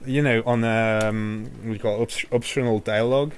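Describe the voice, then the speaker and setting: A man streaming a video game, chatting casually and joking with his viewers in an excitable, bantering way. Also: fairly low pitch, normal speed. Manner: excitable, jokey banter with chat.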